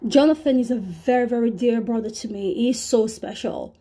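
Female preacher, earnest and repetitive, slightly high, husky voice. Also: normal speed, warm tone. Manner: earnest, repetitive, addresses "brothers and sisters". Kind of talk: testimony sermon.

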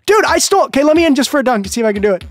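Excitable guy doing let's play commentary, super lively pitch, dry close mic. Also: rapid-fire, dry recording. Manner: excitable, yelling at the game. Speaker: co-host.

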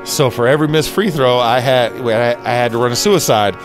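A man's voice: medium pitch, a little fast, faint music behind. A man in an interview, telling stories animatedly and acting out quotes in a raised voice, inside a stadium. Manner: animated storyteller, acts out quotes loudly. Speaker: interview guest, former football player. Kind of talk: storytelling interview.

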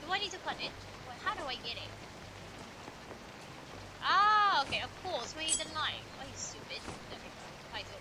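A woman's voice: sits high, very animated, moderate pace, pauses often, background noise. A young woman streaming a game, playfully chatting, giggling and reading her chat aloud. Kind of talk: live let's-play commentary.

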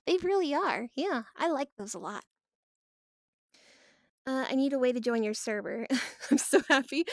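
A woman's voice: high-pitched, lively intonation, normal speed, pauses often, no echo, clean studio sound. A woman hosting a casual livestream, playful and mock-dramatic, often breaking into laughter. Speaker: livestream host.

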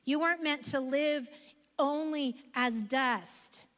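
A woman pastor giving an animated, emphatic sermon in a church sanctuary. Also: sits high, slow. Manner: animated, emphatic preaching with self-aware asides. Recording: long reverb of a large hall.

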